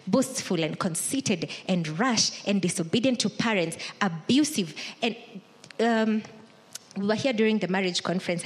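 Woman pastor, conversational sermon delivery, acts out imagined inner voices. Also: medium pitch.

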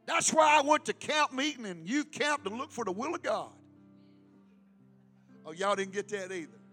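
Fervent high-voiced pastor preaching. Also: male voice, animated, normal speed, soft background music. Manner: fervent preaching, swinging from loud calls to hushed asides. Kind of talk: sermon.

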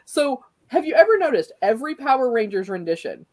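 Quick-talking female panelist, slangy and joking, rapid delivery. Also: high-pitched, sing-song, darkish tone, no echo. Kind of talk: casual group chat.

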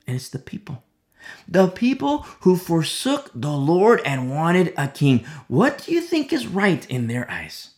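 A Bible teacher working through scripture verse by verse, with a gravelly edge to the voice. The pitch swings widely as the teacher stresses and repeats key phrases, now and then dropping to a whisper. Bits of the text get acted out in quick changes of voice. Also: wildly swooping pitch, a little mellow. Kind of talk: verse-by-verse Bible study sermon.

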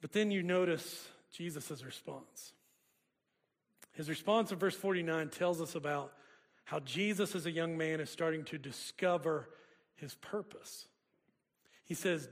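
This pastor's voice is on the high side, and he's unhurried, leaving long pauses. His sermon is conversational, full of jokes and chat with the congregation, heard through long hall reverb.

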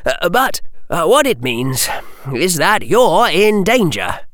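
A man voicing an earnest, intense young boy wizard, raising his voice into a higher register. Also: big pitch swings, slow pace, a bit bright, no echo, clean studio sound, heavily acted.

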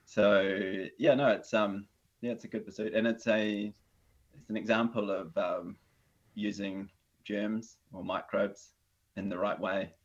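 Man, New Zealand accent, very deep voice, relaxed, lots of fillers, dull lo-fi call audio. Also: measured pace, breathy edge. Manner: relaxed, hesitant, many fillers and restarts. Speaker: guest. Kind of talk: casual conversation.

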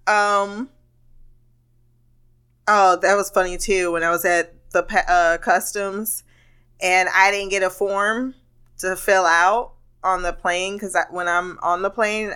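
A woman's voice: on the low side, little pitch movement, unhurried, bright, forceful tone, clean tone. A woman hosting a podcast, telling a rambling, candid story in a casual monologue with frequent laughter and swearing. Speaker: podcast host.

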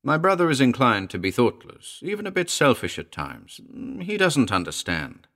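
A man voicing a smooth, condescending middle-aged gentleman in an audiobook drama, speaking in an unctuous, soothing way. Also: medium pitch, huge pitch swings, moderate pace, pitched above the performer's own voice.

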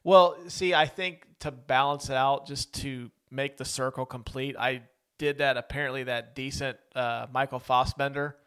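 Smooth-voiced man chatting about movies. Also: mid-range voice, fairly even intonation, normal speed, hardly any pauses, a bit bright. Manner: talkative, goes off on tangents. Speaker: podcast co-host. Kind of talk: casual movie-review chat.

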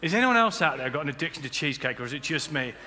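A man preaching a sermon as pastor, building to loud emphatic peaks. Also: fairly high pitch, very animated, racing. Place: church auditorium. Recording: long hall reverb with faint music.

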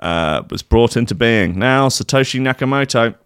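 A man's voice: medium pitch, expressive, normal speed, fairly bright tone, clean tone, no echo, clean studio sound. A man casually reading strange news stories aloud, rambling with frequent fillers and sarcastic asides. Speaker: podcast host reading odd news stories.

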